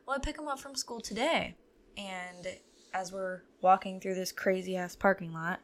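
A woman's voice: medium pitch, moderate pace. A young adult woman hosting a podcast, telling stories in a candid, profane, wry way. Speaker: podcast host. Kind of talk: casual storytelling chat.

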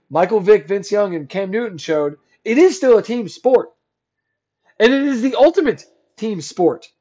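A young man hosting a solo sports podcast, ranting sarcastically and swearing, dropping from low mutters to loud outbursts. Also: muffled recording. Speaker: podcast host.

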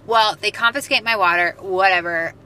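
Bright-voiced chatty American woman. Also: mid-range voice, normal speed. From United States. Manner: chatty, animated storyteller. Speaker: podcast co-host. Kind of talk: casual storytelling chat.

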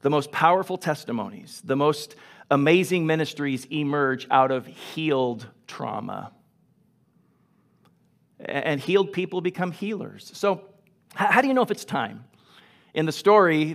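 A man's voice: on the high side, lively intonation, moderate pace. A man preaching a sermon as pastor, earnest and emphatic, repeating phrases for emphasis. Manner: drops to a soft, hushed voice when telling a story. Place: church sanctuary.

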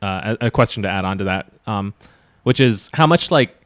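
A man's voice: fairly low pitch, lively intonation, a little fast, dry recording, studio quality. A man in a casual chat, hesitant and searching for words as he asks a question. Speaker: friend in group chat.

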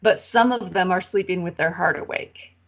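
A woman co-hosting a podcast, retelling a parable in an animated, casual way. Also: lowish voice, normal speed, muffled recording. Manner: animated retelling with acted-out quotes. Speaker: co-host of a Bible study podcast.

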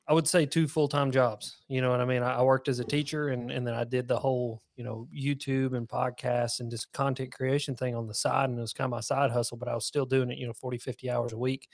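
Southern guy on a podcast, mid-pitched, talkative and joking, dry close mic. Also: gravelly, dry recording. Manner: chatty, joking, rambling with fillers. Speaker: guest, fishing content creator. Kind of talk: casual interview chat.

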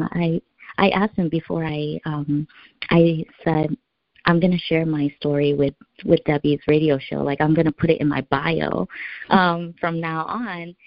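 A young woman telling a personal story as an interview guest, earnest and halting, with many fillers. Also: fairly low pitch, gravelly, no echo. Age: young adult. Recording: dull lo-fi sound.

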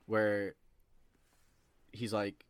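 Male podcast guest, lower voice, easygoing banter, dry recording. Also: completely flat delivery, very slow, clean tone, dry recording. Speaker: podcast panelist. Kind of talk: casual chat.

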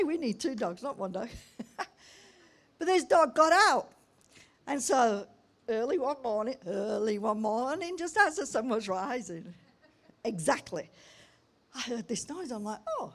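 Higher-voiced older woman preaching. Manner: lively storytelling with humour and emphatic pauses. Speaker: pastor. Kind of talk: sermon.

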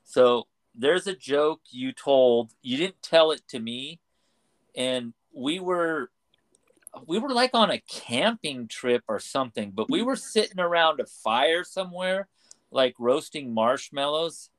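A man co-hosting a podcast, telling a story in a casual chat with halting restarts. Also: a little high, expressive, a bit bright. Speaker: podcast co-host.

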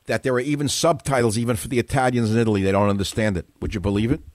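A man's voice: mid-range voice, fairly even intonation, rapid-fire, darkish tone, dry recording, studio quality. A man from New York hosting a radio talk show, combative and mocking, firing off rhetorical questions.

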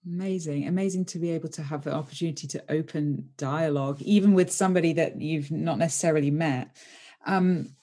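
A woman hosting a podcast, her voice mellow and a little low. She asks reflective questions slowly and thoughtfully. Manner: attentive, reflective questions with short affirmations. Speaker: podcast host. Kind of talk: interview.

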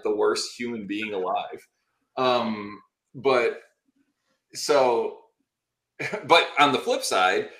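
A man guesting on a podcast, telling a story in animated, exasperated casual chat and swearing freely. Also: on the low side, echoey room.

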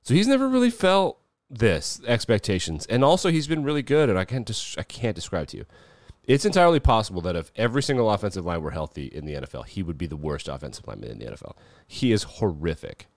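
Podcast host, male, deep voice, blunt and sarcastic sports chat. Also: big pitch swings, quick pace, dry recording, studio quality. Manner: blunt and mocking. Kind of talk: casual sports commentary.

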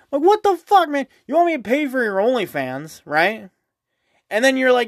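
A man's voice: extremely high pitch, big pitch swings, normal speed, dry recording, clean studio sound. A young man hosting his own podcast, ranting casually and profanely, rambling and tagging his points with "right?". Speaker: podcast host. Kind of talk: casual solo podcast rant.

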